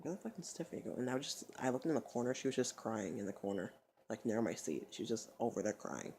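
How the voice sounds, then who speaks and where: A man's voice: on the low side, lively intonation, fast talker, a little mellow, a little hiss or hum. Rambling, foul-mouthed young vlogger man. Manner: profane, rambling, stumbling restarts. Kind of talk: rambling casual storytelling.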